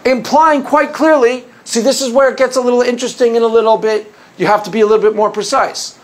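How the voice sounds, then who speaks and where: Extremely high in pitch, steady in tone and fast, this man hosts his own video as a Christian apologist. His to-camera monologue is combative and sarcastic, full of mockery for opposing views, with phrases repeated and restarted again and again.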